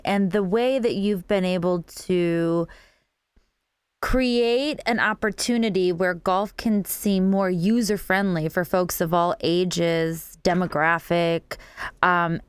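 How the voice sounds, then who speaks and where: A woman's voice: on the low side, slow, clean tone, dry recording, clean studio sound. Bubbly woman hosting a radio show. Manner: bubbly, gushing, promotional. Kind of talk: local radio talk show.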